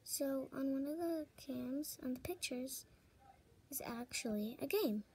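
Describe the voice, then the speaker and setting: High-voiced young woman whispering gameplay commentary. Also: measured pace. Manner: swings between whispering and loud frightened outbursts. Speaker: gamer. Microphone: tablet microphone held close.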